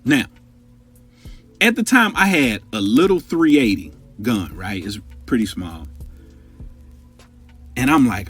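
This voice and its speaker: A man telling a wild personal story on his podcast, with a husky voice that swings up and down. He talks straight to his listeners, loose and profane. Faint music plays under him. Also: mid-range voice, slow, pauses often. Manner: animated, profane, conversational. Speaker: podcast host.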